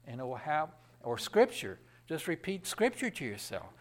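A man preaching a sermon in a lively, conversational way, with asides to the congregation. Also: fairly high pitch, moderate pace.

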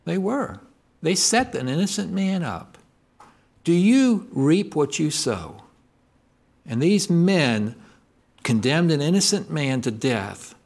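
A man preaching a sermon, asking his listeners questions and moving between loud emphatic lines and low quiet ones. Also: big pitch swings, takes it slowly, gravelly, pauses often. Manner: asks the congregation call-and-response questions.

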